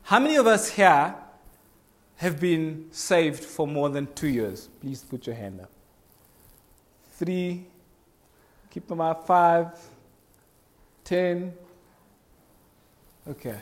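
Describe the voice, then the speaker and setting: Guy with a highish voice preaching, chatty, keeps asking the congregation stuff. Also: animated, slow, long pauses. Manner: conversational, asks the congregation questions, acts out little voices. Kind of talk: sermon.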